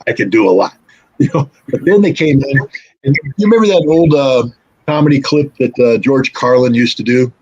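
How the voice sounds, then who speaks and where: A man's voice: mid-range voice, moderate pace, darkish tone, muffled recording. A middle-aged man, a guest in a casual interview, telling a rambling story and acting out the dialogue in it. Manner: rambling storyteller who acts out quoted dialogue.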